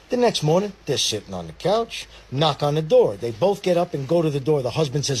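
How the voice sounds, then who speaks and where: A man tells a joke at a brisk, casual pace and raises his voice for the quoted lines. His voice sits a bit high and has a husky edge. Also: sing-song, darkish tone. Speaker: joke teller.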